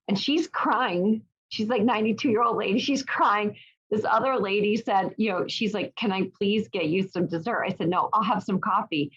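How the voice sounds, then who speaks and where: A middle-aged woman, a guest, telling a personal story in a lively, animated way with many restarts. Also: mid-range voice, normal speed, husky. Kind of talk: casual storytelling in an interview. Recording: dull lo-fi sound.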